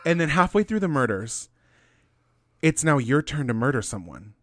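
A man's voice: medium pitch, sing-song, moderate pace, no room sound, clean studio sound. A man in his late twenties co-hosting a casual podcast, giddy and joking, swearing a lot. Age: 20s. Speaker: podcast co-host.

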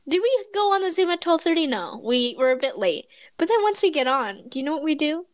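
A woman co-hosting a podcast over a video call, animated and quick to laugh. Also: high voice, no echo. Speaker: podcast co-host. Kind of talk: casual chat.

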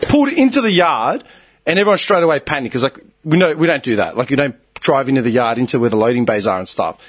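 An Australian man in his thirties tells a story in casual chat, talking fast in a mid-range voice. He is animated and swears a lot while acting out what people said.

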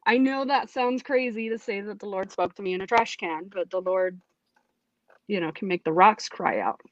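A woman telling her personal testimony in a casual, animated way, acting out what she said back then. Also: medium pitch, normal speed, no room sound, lo-fi sound. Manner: animated, acts out her own past remarks. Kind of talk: casual storytelling.

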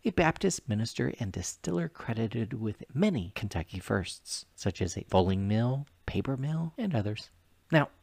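A man's voice: lowish voice, creaky, slightly rough, no room sound. A man hosting a podcast, talking casually and breaking off for joking asides. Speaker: podcast host. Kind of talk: casual chat.

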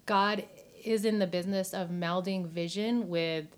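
Woman, heartfelt guest on a faith podcast, slightly low voice, casual and tearful. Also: steady tone, measured pace. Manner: earnest, heartfelt, many "like" fillers. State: emotional, near tears. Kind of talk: faith-based casual chat.

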